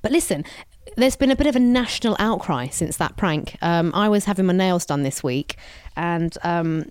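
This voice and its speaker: A woman with a fairly low voice co-hosts a casual podcast. She banters and teases in a bubbly, quick-fire way. The sound is dry and close to the mic. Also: animated, darkish tone, smooth, dry recording. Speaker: podcast co-host. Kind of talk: casual chat.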